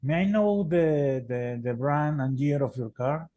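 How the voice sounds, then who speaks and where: A man trainee playing a call center representative in practice, polite but halting. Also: a little high, lively intonation, dark tone. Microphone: video call.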